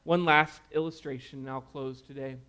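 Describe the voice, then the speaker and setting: A man preaching a conversational sermon, telling folksy stories and dropping to a quiet, earnest tone to pray. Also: medium pitch, fairly even intonation, moderate pace, clear, resonant tone. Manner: folksy storytelling, drops to a hush for prayer. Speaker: pastor.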